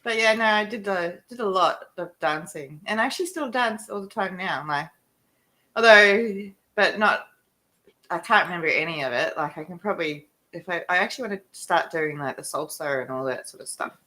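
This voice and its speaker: Bright, laughing Australian woman telling stories. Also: on the low side, normal speed. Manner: animated, laughs a lot, acts out her own shouts. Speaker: recovery meeting participant. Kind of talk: casual storytelling on a video call.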